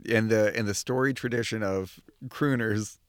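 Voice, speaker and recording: A man's voice: fairly low pitch, clean tone, no echo, clean studio sound. Playful podcast host, man. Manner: playful, teasing and quick to laugh. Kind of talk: casual podcast chat. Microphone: studio microphone.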